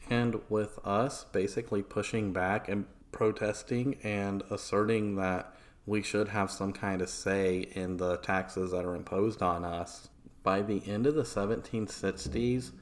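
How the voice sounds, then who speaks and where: एक आदमी पॉडकास्ट होस्ट के रूप में अनौपचारिक अंदाज़ में इतिहास की कहानी सुना रहा है, बीच-बीच में गालियों और "like" जैसे भराव शब्दों के साथ।. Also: male voice, deep voice. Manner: casual, swearing, filler-heavy. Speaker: podcast host. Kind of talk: casual history storytelling.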